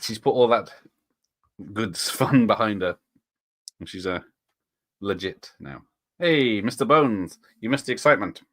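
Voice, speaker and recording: A man's voice: lowish voice, slightly rough. A man hosting a casual live stream, rambling and chuckling as he reads out viewers' chat comments.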